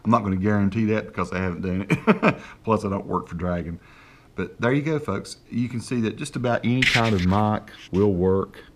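Southern guy with a real low voice, laid-back tutorial talk at his desk, close handheld mic. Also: a little hiss or hum. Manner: folksy and rambling, dictates slowly and deliberately. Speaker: tech video host. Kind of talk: casual screen-recorded tutorial. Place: home desk. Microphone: handheld microphone held close.

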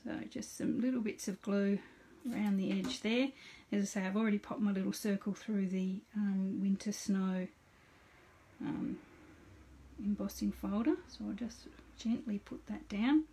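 A woman's voice: mid-range voice, fairly even intonation, unhurried, mellow, a little hiss or hum. A middle-aged woman hosting a casual live card-making demonstration. She chats with viewers by name and narrates each step aloud.

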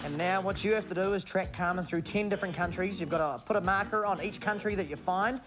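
A man's voice: high voice, fast, crowd noise. A man hosting a game show, cheering and urging a contestant on. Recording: TV studio with audience and music.

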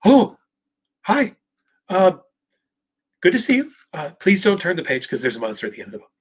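Grover, fretful little monster. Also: male voice, high voice, huge pitch swings, moderate pace, husky, voice pushed up, heavily acted. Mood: pleading. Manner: pleading, panicky squeals. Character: furry little blue male monster, nervous and fretful.

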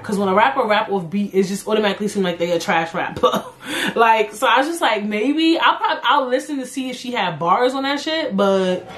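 A young woman hosting her own podcast, ranting in a blunt, profane, animated way about music and celebrities. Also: mid-range voice. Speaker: podcast host. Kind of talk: casual solo podcast rant.

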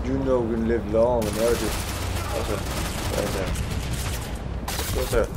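A young man doing live gameplay commentary, swinging from mumbling to profane, mock-dramatic yelling. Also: mid-range voice, flat delivery, moderate pace, long pauses, background noise.

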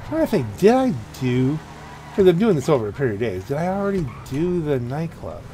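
A man's voice: fairly high pitch, big pitch swings, fairly quick, warm tone, a little hiss or hum. A man giving a rambling, casual commentary while touring his car garage in a video game, often stopping to correct himself. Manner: rambling, self-correcting, chatty. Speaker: gaming channel host. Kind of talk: casual let's-play commentary.

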